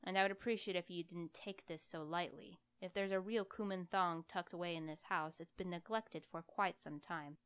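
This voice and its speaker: A woman reads a cool, arrogant young man who leads the ghost hunt. He lectures in short, clipped lines, low and smooth, as from an audiobook. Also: fairly even intonation, moderate pace, few pauses, a bit bright, lightly acted. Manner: curt, lecturing.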